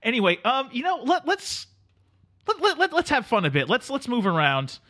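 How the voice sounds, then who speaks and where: A man's voice: extremely high pitch, sing-song, moderate pace, sharp tone, heavily acted. A man playing a pushy, self-important audiobook studio engineer who talks down to his client and mutters asides, in a comedy sketch. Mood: exasperated. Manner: impatient, condescending, mutters asides.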